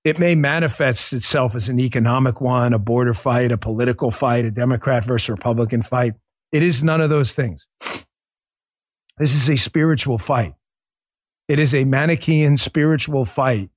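A man's voice: mid-range voice, moderate pace, no room sound, clean studio sound. A man hosting a political talk show, speaking bluntly and earnestly and swearing freely. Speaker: podcast host.

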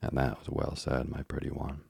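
A man reading an audiobook, voicing a stern, scheming old witch woman who speaks in archaic phrases, with a husky, half-whispered edge. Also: extremely low pitch, monotone, normal speed, darkish tone, dry recording, studio quality, exaggerated voice. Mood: doting.

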